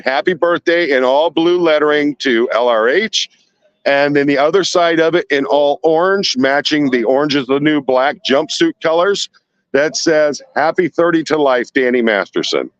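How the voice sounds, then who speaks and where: A man's voice: a little high, dry recording, muffled recording. A man live-streaming outdoors at night from a handheld phone, sweating as he reads chat and fires off indignant rhetorical questions.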